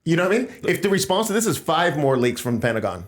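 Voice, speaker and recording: A man's voice: on the high side, sing-song, rapid-fire. A man hosting a casual political podcast, talking in an emphatic, rambling way. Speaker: podcast host.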